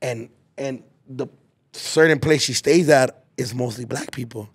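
A man's voice: medium pitch, unhurried, slightly rough. A man in his twenties hosting a casual chat, telling a rambling story full of slang and filler words. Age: 20s. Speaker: podcast host.

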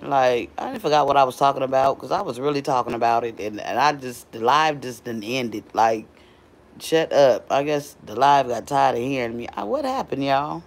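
A middle-aged woman talking casually to her live stream viewers from her home doorway on a phone, chatty and animated. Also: very deep voice, moderate pace.

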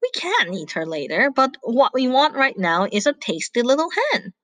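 A stern, hungry mother wolf from a children's storybook, scolding her son firmly, as a woman puts her on. The voice is expressive and recorded close and dry. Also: on the high side, normal speed, no echo, pitched above the performer's own voice.

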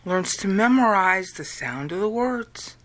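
A woman from the United States explaining an idea to viewers, slow and deliberate, drawing words out and counting them aloud. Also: mid-range voice, expressive, fairly bright tone. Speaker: video lecturer. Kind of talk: explanatory talk.

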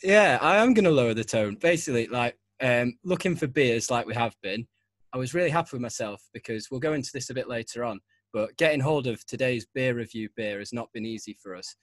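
A young man hosts a casual podcast, rambling through stories and laughing easily. His voice sits at an ordinary middle pitch, and the sound is close and dry, with no room around it. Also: fairly quick, no echo. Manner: chatty, laughs often, rambling. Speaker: podcast host. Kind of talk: casual chat.

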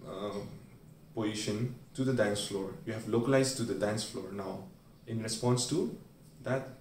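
A medical educator with a fairly low, slightly mellow voice explains a memory aid at a measured pace. He uses everyday stories, briefly acting out the people in them, and the recording is roomy and distant with a little hiss or hum.

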